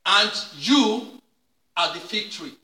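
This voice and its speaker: A male pastor preaching a sermon with repeated call-and-response questions, sometimes rising to a shout. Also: high voice, lively intonation, takes it slowly. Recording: echoey room, mic at a distance.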